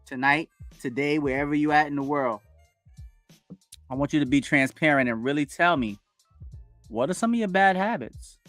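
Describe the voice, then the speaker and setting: Forty-something man hosting a lively livestream. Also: on the high side, normal speed, long pauses, dry recording, faint music behind. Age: 40s. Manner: animated, reads chat comments aloud, hypes viewers up. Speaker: livestream host. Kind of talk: casual livestream chat with viewers. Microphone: home streaming setup with wired connection.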